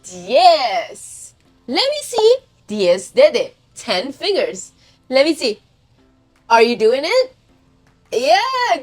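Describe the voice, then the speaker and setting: A woman's voice: a little high, darkish tone. A woman teaching young children to count, cheerfully praising them and asking them to repeat after her. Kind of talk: kids' counting lesson.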